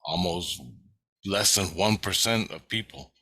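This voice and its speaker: A man's voice: sits low, measured pace, sharp tone. A man casually recounting a vivid dream, swearing freely and using lots of fillers. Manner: profane, vivid, full of fillers. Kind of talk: casual spoken story.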